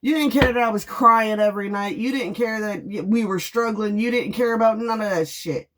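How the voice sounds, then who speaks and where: A woman's voice: on the high side, fairly quick, fairly bright tone. A woman tarot reader venting in a heated, profane monologue, blunt and sarcastic, mocking with bursts of laughter.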